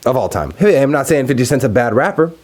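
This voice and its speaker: Young male podcast host, casual profane rant, very lively intonation. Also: medium pitch, fast talker. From Texas. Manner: profane, animated, laughs often.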